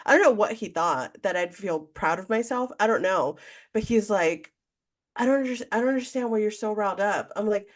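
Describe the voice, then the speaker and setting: A woman co-hosting a podcast, telling a candid story in casual chat and acting out what people said. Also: mid-range voice. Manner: candid, animated storytelling, acts out quotes. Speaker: podcast co-host.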